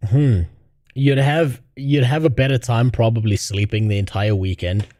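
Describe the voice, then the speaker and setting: A man riffs casually on a livestream, sarcastic and quick to swear. His voice is dark and mellow, and it is recorded close with no room sound. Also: mid-range voice, steady tone, dry recording. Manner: blunt, profane and sarcastic. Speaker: streamer reacting to videos. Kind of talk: casual livestream reaction chat.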